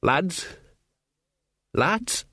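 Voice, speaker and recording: Guy doing a nervous drunk village blacksmith, kinda slurry, higher and anxious. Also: expressive, very slow, pushed and bright, dry recording, studio quality, heavily acted. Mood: slurred.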